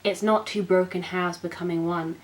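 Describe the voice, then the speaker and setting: A young woman hosting a book channel, reading poems aloud in an expressive, self-mocking way. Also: fairly low pitch, moderate pace, a little hiss or hum, rough recording. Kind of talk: poetry reading.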